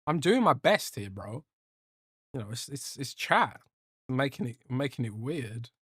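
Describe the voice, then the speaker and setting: A man's voice: medium pitch, very animated, measured pace, a bit bright, breathy edge, dry recording, clean studio sound. A young man hosting a casual livestream podcast, joking and rambling as he reads out chat. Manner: rambling, joking, swears a lot, trails off. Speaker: podcast host reading live chat.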